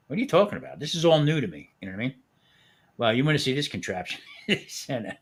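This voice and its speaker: A man's voice: medium pitch, very animated, fast, husky. A man hosting a live stream who tells a long, profane anecdote with frequent laughter. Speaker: host. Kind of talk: casual storytelling on a live stream.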